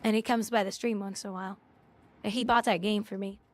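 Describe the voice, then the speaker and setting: A woman's voice: medium pitch, fairly even intonation, fast talker. A woman game streamer talking casually to her chat, bluntly scolding viewers and swearing now and then.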